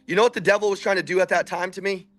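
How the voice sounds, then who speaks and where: A man with a high, ringing voice gives a fired-up motivational talk to salespeople, preaching hard and climbing to shouts. Faint music sits under him. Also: fairly even intonation, very fast. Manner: intense, preachy, builds to shouting. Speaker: sales coach. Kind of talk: motivational speech.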